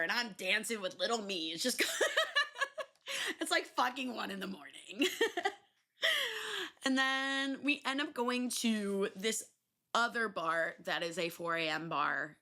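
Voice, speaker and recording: A young adult woman hosting a podcast, telling stories in a loose, animated way, swearing freely and filling pauses with ums and likes. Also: medium pitch. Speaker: podcast host. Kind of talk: casual solo storytelling.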